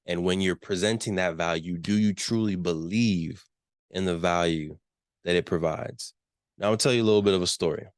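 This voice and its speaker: A man's voice: deep voice, brisk, no echo, studio quality. A man giving a business workshop talk, emphatic, repeating key questions and checking in with his listeners. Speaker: workshop presenter.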